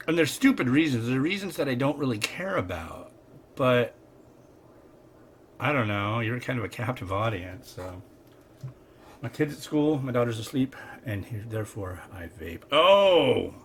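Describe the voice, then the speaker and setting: A middle-aged man talks slowly and unhurriedly, rambling through wry asides as he cooks at home. His voice sits at an ordinary middle pitch. Clear packet crinkling and clicks of a noisy kitchen sit behind him. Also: fairly bright tone. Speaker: host. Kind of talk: casual cooking vlog chat.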